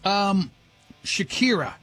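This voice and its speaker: A man's voice: sits high, very animated, takes it slowly, a bit bright, faint music behind. A man hosting morning radio, chatting loosely and joking with his co-hosts. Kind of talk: casual on-air banter.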